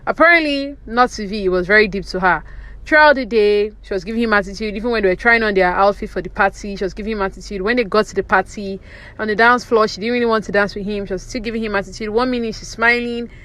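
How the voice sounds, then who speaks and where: A woman's voice: medium pitch, quick pace, a bit bright. Chatty woman recapping reality TV. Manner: chatty, opinionated, many fillers like "you know". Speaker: reality TV commentary vlogger. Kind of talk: casual recap commentary.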